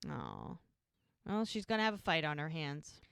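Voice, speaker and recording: A woman's voice: sits low, a little fast, a bit bright, smooth, dry recording. A woman co-hosting a podcast, casually recapping a TV episode and retelling scenes through quoted dialogue. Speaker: podcast co-host.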